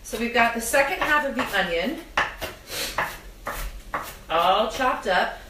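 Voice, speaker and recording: A woman's voice: fairly high pitch, animated, slow, roomy sound, distant mic, noisy background. A young woman hosting a live cooking demonstration in her home kitchen, chatting directly to viewers with self-deprecating humor while her eyes water from onions. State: teary-eyed from onions. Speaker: cooking show host. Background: kitchen clatter of pots and dishes.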